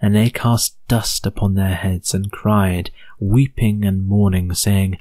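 An Englishman reads scripture aloud as an audiobook narrator, pacing each phrase with solemn deliberation. His voice sits on the low side and is recorded dry, with no room sound around it. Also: fairly even intonation, slow, hardly any pauses, mellow, dry recording.

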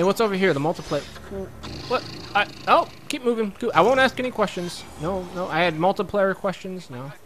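A man's voice: fairly high pitch, a bit bright, a little hiss or hum. A young man giving goofy, joking commentary over a video game, talking back to the characters and laughing often. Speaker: gaming let's-player. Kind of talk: comedic gameplay commentary.

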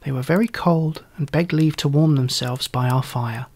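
Man reading an old story aloud, slightly high voice. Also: moderate pace, darkish tone.

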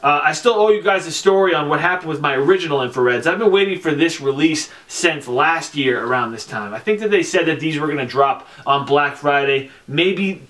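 A young man talking casually on camera about his sneaker collection, chatty and relaxed, with lots of fillers and slang. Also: a little high, brisk, hardly any pauses. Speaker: sneaker vlogger. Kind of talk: casual product review.

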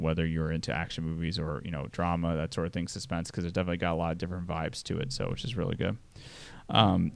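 Male podcast host, very low gravelly voice, dry close sound, loose rambling delivery. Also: dry recording. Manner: rambling, many fillers. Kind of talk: casual movie review.

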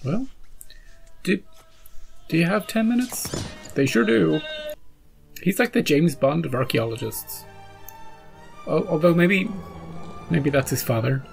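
Joking woman reacting with lively gravelly voice. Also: sits low, unhurried, long pauses. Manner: joking, chatty asides over film clips. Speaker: reaction video host. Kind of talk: casual reaction commentary. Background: film soundtrack music.

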